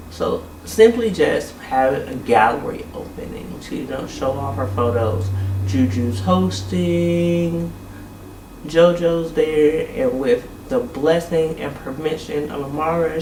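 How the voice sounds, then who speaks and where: A man's voice: fairly high pitch, a little slow, a little mellow, roomy sound, recorded from a distance, slight background noise, rough recording. A man giving a blunt, exasperated recap of a reality TV episode, swearing freely and talking casually.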